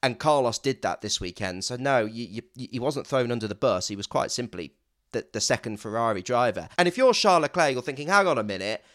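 A man co-hosting a podcast, talking in an emphatic, animated way with self-mocking asides. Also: medium pitch, a little fast. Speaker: podcast co-host. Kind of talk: casual chat.

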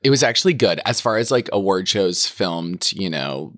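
Young male podcast co-host, very low voice, dry studio sound, playful and gossipy. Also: very animated, normal speed, fairly bright tone, dry recording. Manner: playful, gossipy, lots of "like" and voice jumps into high quoted asides. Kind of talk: casual comedic chat.

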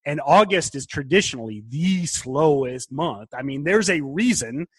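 A man's voice: fairly high pitch, animated, moderate pace, fairly bright tone, slightly rough, dry recording. Emphatic male podcast host, dry sound. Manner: emphatic, advising. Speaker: podcast host, trading mentor. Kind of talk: casual podcast chat.

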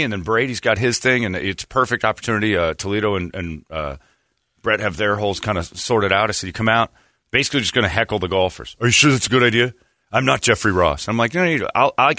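A man's voice: fairly low pitch, dry recording, studio quality. A man hosting a radio show, telling a story in casual chat and acting out the people he quotes. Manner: animated storyteller, acts out quoted voices.

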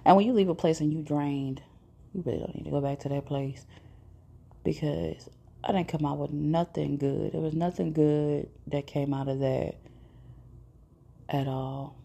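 A woman's voice: low voice, fairly even intonation, a little slow, vocal fry, long pauses, mellow, husky. A woman hosting her own podcast, telling personal stories in a blunt, profane, casual monologue. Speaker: podcast host.

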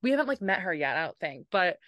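A woman hosting a casual book podcast, talking in an animated way, swearing freely and acting out lines from the characters over a remote call mic. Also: on the low side, fast, no room sound, muffled recording. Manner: animated, swears a lot, acts out character quotes. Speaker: podcast host. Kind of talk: casual book discussion chat. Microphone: remote call microphone.

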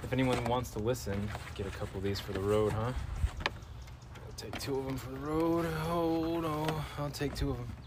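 A man's voice: mid-range voice, fairly even intonation, moderate pace, background noise. Rambling, slangy middle-aged man. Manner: rambling, slangy, keeps saying dude. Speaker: podcast host. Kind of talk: rambling casual monologue.

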